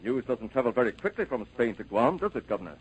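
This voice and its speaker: A man's voice: mid-range voice, big pitch swings, quick pace, slightly rough, low-quality recording. An actor playing a cautious, stern male navy captain who gives commanding, clipped orders in 1930s radio acting.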